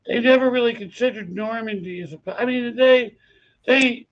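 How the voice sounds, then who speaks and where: High-voiced man on dull lo-fi audio. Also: moderate pace. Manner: relaxed, many filler acknowledgements. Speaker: podcast co-host. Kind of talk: casual conversation.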